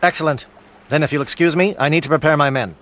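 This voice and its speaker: An actor playing a stern, disciplined alien military captain in a video game, speaking in formal, clipped military phrases. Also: male voice, fairly high pitch, fast talker, a bit bright, natural voice. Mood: resolute. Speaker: commander briefing troops.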